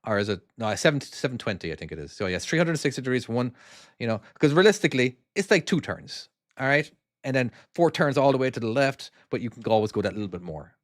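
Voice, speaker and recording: A man from Ireland with a softened Cork accent talks casually over a driving game, rambling through explanations and restarting his sentences. His voice sits at a middle pitch for a man. The close microphone gives a dry sound with no room around it. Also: lively intonation, fast talker, dry recording. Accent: Cork Irish. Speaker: game streamer and former truck driver. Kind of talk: casual live-stream commentary reading chat.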